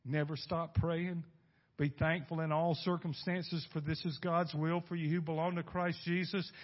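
A male pastor preaching a sermon, swinging from loud bursts to hushed asides and asking the congregation rhetorical questions. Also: a little high, little pitch movement, normal speed. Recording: dull lo-fi recording.

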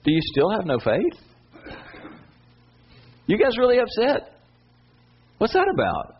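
A man playing a teacher gently chiding his scared followers, incredulous rising questions, dull lo-fi sound. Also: high voice, huge pitch swings, slow pace, breathy edge, pitched above the performer's own voice, heavily acted. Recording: dull lo-fi sound with faint hiss.

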